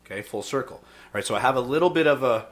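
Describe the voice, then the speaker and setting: A man hosting a podcast and making his case in an emphatic, energetic way, often pausing on "okay". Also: medium pitch. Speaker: podcast host and youth fitness instructor. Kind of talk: casual debate chat.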